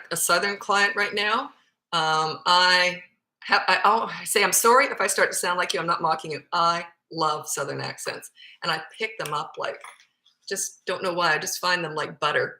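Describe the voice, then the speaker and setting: A woman's voice: fairly low pitch, bright, forceful tone. Blunt, chatty Canadian woman in an echoey room. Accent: Canadian with some Australian. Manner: chatty, blunt and self-deprecating. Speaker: parenting coach. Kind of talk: casual live Q&A. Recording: roomy echoey phone recording.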